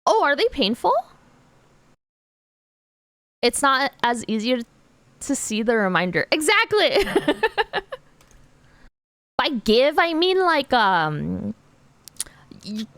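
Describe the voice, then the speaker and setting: On the high side and very animated, this woman's fairly bright voice moves at a slow pace with long pauses and no room sound. She's a streamer drawing and chatting casually with viewers, giggling often, using lots of "like," and answering chat questions.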